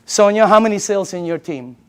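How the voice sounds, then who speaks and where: A man in his fifties giving an energetic, emphatic sales pitch to a live audience, quizzing the room. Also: fast, clean tone. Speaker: sales presenter.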